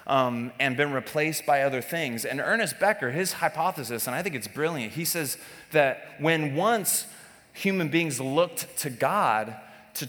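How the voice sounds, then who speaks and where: A man's voice: mid-range voice, a bit bright, big-room sound. A man preaching a sermon to a congregation, in a conversational, joking way with many restarts and fillers. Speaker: pastor. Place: church service.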